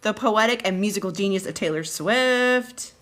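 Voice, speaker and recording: Bright-voiced chatty woman librarian. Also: medium pitch, moderate pace. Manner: chatty, reads notes aloud, excitable bursts. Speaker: school librarian. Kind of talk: live unboxing stream.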